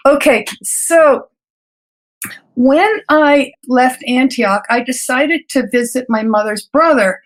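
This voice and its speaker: High-voiced woman, earnest and reflective. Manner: earnest, reflective, laughs lightly between thoughts; halting restarts and repeated words. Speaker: physician guest. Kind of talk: personal storytelling in an interview.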